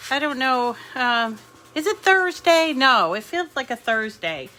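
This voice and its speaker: A woman's voice: sits high, animated, a little slow, sharp tone. A middle-aged woman hosting a casual live crafting chat from home, chatty and rambling with many fillers. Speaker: crafting channel host. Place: home craft room with dogs and a squeaky toy.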